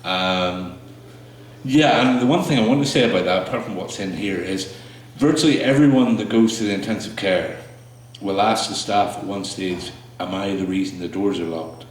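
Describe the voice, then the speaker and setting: A poet with a low voice performs his work before a small audience, slow and hesitant between pieces with small fillers and restarts. The recording is echoey, the small room ringing strongly, with the mic far from him.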